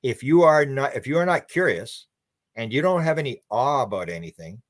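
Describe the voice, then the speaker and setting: Man, Canadian accent, medium pitch, animated storyteller, interview guest. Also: normal speed. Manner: animated storyteller, acts out quoted dialogue. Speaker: guest, UFO researcher.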